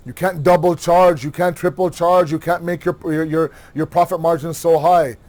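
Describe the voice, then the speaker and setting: Animated male religious lecturer. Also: a little high, normal speed. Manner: animated, rhetorical questions, acts out quoted dialogue. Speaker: Muharram lecturer.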